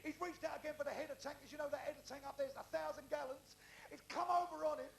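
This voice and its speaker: A brash Cockney comedian working a live theatre crowd from the stage mic. His gravelly voice sits unusually high and rasps through rapid banter and drawn-out, sweary shaggy-dog tales, with a faint hiss underneath. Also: steady tone, low-quality recording. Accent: London Cockney. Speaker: stand-up comedian. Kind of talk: live stand-up joke telling.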